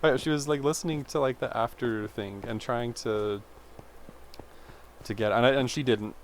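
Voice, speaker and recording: A man's voice: medium pitch, normal speed, a little hiss or hum. A man in his twenties, a vlogger, telling a rambling personal story in a chatty way, full of fillers and tangents. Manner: chatty, self-interrupting, full of "like".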